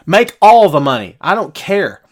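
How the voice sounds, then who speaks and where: On a laid-back podcast livestream, a wrestling show host speaks at normal speed in a high, sing-song voice. Answering comments from viewers, he rants with blunt passion in casual slang, often repeating himself.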